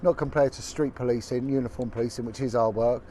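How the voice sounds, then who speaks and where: Man, blunt, indignant, mid-range pitch, faint background noise. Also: fairly even intonation, fast talker, warm tone. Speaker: former detective turned video blogger. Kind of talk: impassioned direct-to-camera update.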